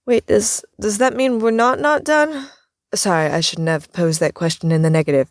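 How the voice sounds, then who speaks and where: A woman hosting a comedic video essay, narrating in an exasperated, sardonic way with rapid-fire questions. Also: medium pitch, fairly even intonation, no echo, studio quality.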